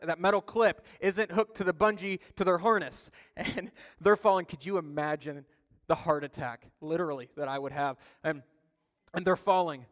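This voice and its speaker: A man preaching a sermon as pastor, telling stories with lively swings between loud emphasis and quiet asides. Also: a little high. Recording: long reverb of a church hall.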